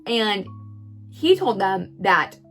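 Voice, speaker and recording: A woman's voice: mid-range voice, very animated, fairly bright tone, soft background music. A woman recapping someone else's story in a chatty way, acting out the quotes. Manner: brisk, chatty, acts out quotes. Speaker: commentator retelling a story.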